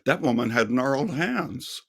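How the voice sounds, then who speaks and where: Slow, gravelly older man telling a story. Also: medium pitch, animated. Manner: slow, earnest storytelling with quoted dialogue. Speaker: singer and speaker. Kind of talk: testimony storytelling.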